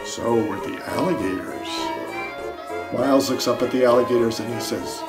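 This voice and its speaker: A man reading aloud his own children's picture book, slowly and expressively, slipping into the characters' lines. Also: medium pitch. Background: saxophone music.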